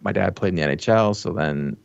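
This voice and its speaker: A deep-voiced man with a gravelly edge tells long, wandering stories about himself in a casual podcast chat. He restarts his sentences often and pokes fun at himself. The audio is dry and a little dull. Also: a little fast, no room sound. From US, born in Atlanta, raised near Toronto. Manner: rambling, self-deprecating storyteller with restarts. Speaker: podcast guest.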